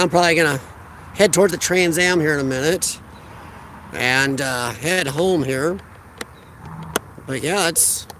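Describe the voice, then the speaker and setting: In a casual stream from a riverfront park, this Midwestern-accented American talks into his handheld phone camera, reading viewer comments aloud and chatting back. His voice is fairly high and a bit bright, with a little hiss or hum.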